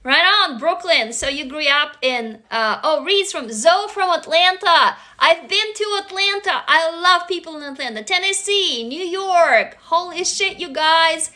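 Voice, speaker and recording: A woman from Russia, hosting a casual livestream chat, gushing and excitable, swearing freely. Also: very high-pitched, unhurried, few pauses. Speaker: livestream host.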